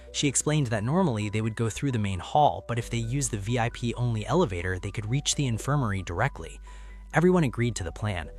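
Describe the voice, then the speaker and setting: A man giving a scripted story recap narration in an even, steady delivery. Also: medium pitch. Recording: narration over loud background music.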